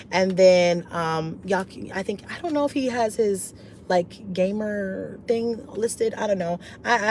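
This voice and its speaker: Chatty, animated mom vlogger woman. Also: a little hiss or hum. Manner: animated and chatty, often jumps high in pitch and laughs; slangy, relaxed street talk. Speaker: mom vlogger and channel host. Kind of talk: casual livestream chat reading viewer comments.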